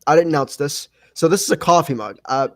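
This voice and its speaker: A man's voice: fairly high pitch, fairly quick, fairly bright tone, poor audio. A young man hosting a casual livestream podcast, rambling with lots of fillers and restarts. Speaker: podcast host.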